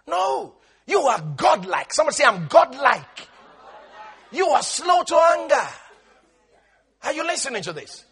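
High, bright-voiced emphatic male preacher. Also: very animated, vocal fry. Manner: emphatic preaching with drawn-out words, acted quotes and laughter. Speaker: pastor. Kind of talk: sermon.

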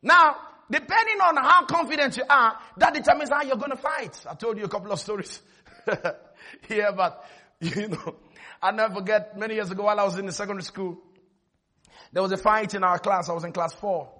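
A man preaching a sermon, telling a story with lively energy and often shouting. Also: sits high, fairly quick.

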